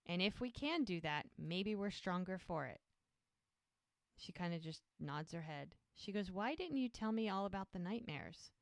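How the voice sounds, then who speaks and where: A woman's voice: lowish voice, expressive, moderate pace, vocal fry, dry recording. A woman co-hosting a podcast, casually retelling TV scenes and acting out the characters' lines. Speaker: podcast co-host. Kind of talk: casual recap chat.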